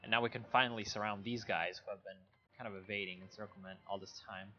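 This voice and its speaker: A man giving relaxed, low-key commentary while playing a strategy game, thinking aloud as he goes. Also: fast, dull audio, slight background noise. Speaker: gameplay commentator. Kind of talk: casual let's play commentary.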